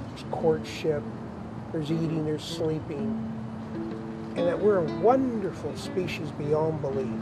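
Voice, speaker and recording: A middle-aged man, an author, telling a reflective personal story in an earnest way, stumbling over repeated words when moved. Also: on the high side. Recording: music bed under the voice.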